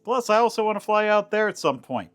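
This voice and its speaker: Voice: medium pitch, lively intonation, fast. A cooking streamer chatting casually while making a dish, rambling with many fillers and restarts. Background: faint background music.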